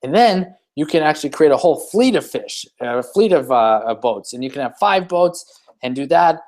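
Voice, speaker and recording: A man putting on the voice of a pushy businessman on vacation, insistent and eager as he pitches a bigger life. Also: animated, moderate pace, a little mellow, close to an everyday voice.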